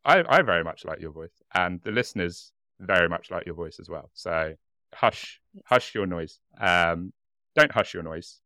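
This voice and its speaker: A man's voice: sits low, animated, moderate pace, pushed and bright, no echo, clean studio sound. A man with a British accent co-hosting a podcast, chatting casually and laughing often. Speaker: podcast co-host. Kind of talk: casual chat.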